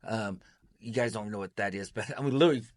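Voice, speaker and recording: A man as an interview guest, telling stories in an animated way and acting out the voices of the people he quotes. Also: lowish voice, fast talker, no echo. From United States. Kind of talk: storytelling interview.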